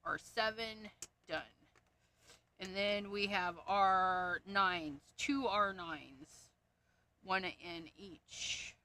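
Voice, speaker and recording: A woman's voice: medium pitch, drawn-out words, pushed and bright. A woman hosting a crafting livestream, casually talking to herself as she sorts markers and reads off their codes, and easily amused by her own jokes. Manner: muttering, reading off codes to herself. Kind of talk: casual livestream chat while sorting markers.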